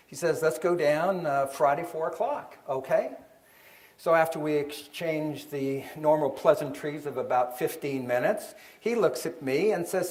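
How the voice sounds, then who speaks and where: In an event hall full of listeners, a middle-aged author and seminar presenter acts out the voices in a story he's telling. His voice sits fairly high, with a darkish tone and an unhurried pace.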